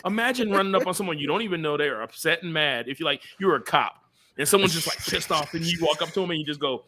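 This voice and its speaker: A young man hosts a casual chat. His voice is bright and a little high. He tells his stories with energy, swears freely and laughs often. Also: quick pace, slight background noise. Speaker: podcast host.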